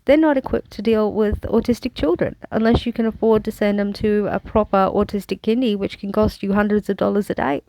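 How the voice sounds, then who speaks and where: A woman's voice: medium pitch, warm tone, dry recording, rough recording. An Australian woman telling her own story to camera in a frank, wry manner, with bursts of sarcasm. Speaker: vlogger. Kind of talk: candid personal storytelling.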